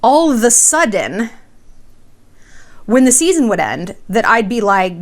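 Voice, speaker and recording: A woman's voice: mid-range voice, expressive, a little slow. Blunt, sassy woman vlogger. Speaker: vlogger host. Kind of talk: celebrity gossip and relationship advice.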